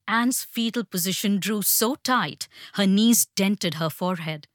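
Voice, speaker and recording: A woman narrating an audiobook in a measured, tense storytelling manner. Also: medium pitch, dry recording, studio quality.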